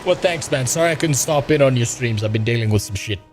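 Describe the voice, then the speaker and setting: A man's voice: medium pitch, fast. Profane, exasperated male game streamer. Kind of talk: live gameplay commentary.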